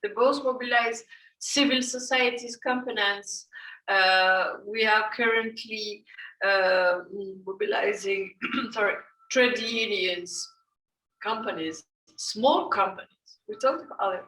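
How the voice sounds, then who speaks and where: Tired-voiced woman, slow and far-miked. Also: medium pitch, bright, forceful tone. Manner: slow, halting, many fillers and restarts. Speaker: event moderator. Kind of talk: closing remarks at an online panel. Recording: echoey room, far from mic.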